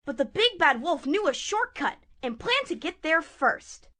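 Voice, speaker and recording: A woman narrating a puppet show fairy tale in a playful, expressive way. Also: high-pitched, a little slow.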